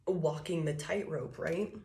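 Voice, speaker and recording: A woman's voice: deep voice, fairly even intonation, a little slow, gravelly, warm tone. A woman giving a casual tarot reading, talking loosely and profanely, laughing often and acting out quoted thoughts. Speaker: tarot reader.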